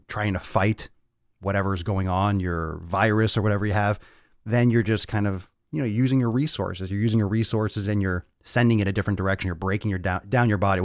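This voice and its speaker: A man's voice: on the low side, dry recording, clean studio sound. A man hosting a livestreamed fitness podcast, talking in a brash, profane way straight to his viewers.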